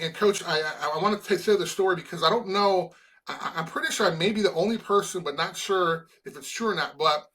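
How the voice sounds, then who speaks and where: Earnest, bright-voiced man, halting restarts. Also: a little high. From Chicago, USA. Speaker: guest, former college football player. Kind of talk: emotional interview conversation.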